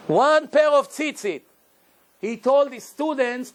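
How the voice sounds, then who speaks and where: Middle-aged rabbi, high voice, animated lecture-style storytelling, non-native phrasing. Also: male voice, a little slow. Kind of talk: Torah lecture.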